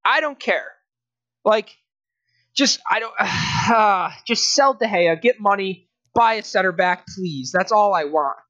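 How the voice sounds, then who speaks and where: A man's voice: high voice, lively intonation, slow pace, sharp tone, dry recording, highs cut off. A young man co-hosting a casual sports podcast, ranting in exasperation, laughing and restarting his sentences. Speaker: podcast co-host.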